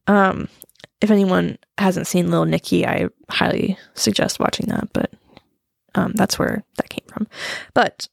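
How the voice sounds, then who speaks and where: A woman's voice: medium pitch, vocal fry, no echo. A young woman chatting casually and confessionally, rambling and self-deprecating with nervous laughs, and choked up close to tears at times. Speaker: vlogger talking about grief.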